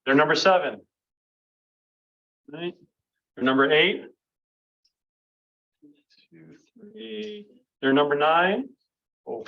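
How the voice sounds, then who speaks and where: Bright-voiced man tallying workshop votes. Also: a little high, animated, gravelly. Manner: brisk, counting votes aloud. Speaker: workshop facilitator. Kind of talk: live workshop exercise. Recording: dull lo-fi room recording.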